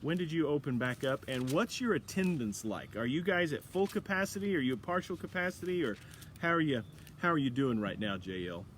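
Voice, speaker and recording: A man's voice: fairly high pitch, lively intonation, fairly quick, a bit bright. Middle-aged man, pastor, folksy livestream chat, faint background noise. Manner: folksy, chatty, greets viewers by name. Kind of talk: livestream prayer and dad jokes. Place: church or home, livestream.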